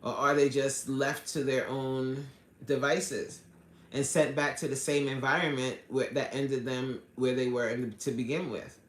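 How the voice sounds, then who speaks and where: A man's voice: medium pitch, little pitch movement, a little slow, reverberant. A man hosting a live stream as a fitness coach, chatting casually and earnestly, reading viewer comments aloud and often apologizing. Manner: earnest and heartfelt, apologizes often, frequent restarts. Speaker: fitness coach and livestream host.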